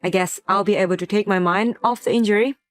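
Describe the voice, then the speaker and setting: A woman voices a young wife in a wheelchair, patient and soft-spoken even when wounded. Her voice sits at a medium pitch and sounds dry and close, with no room around it. She talks in a gentle, pleading way in a scripted drama. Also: fast talker, dry recording, natural voice. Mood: calm.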